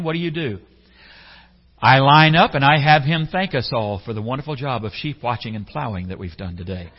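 A man preaching a sermon in a conversational way, putting questions to his listeners and acting out short quotes. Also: medium pitch. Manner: conversational, asks the congregation questions, acts out quotes. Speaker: pastor. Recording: echoey hall, slightly dull sound.

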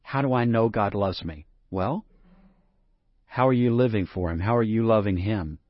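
A man's voice: lowish voice, normal speed, dry recording, dull audio. A man preaching a sermon in a conversational way, rising to emphatic scripture reading. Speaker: pastor.

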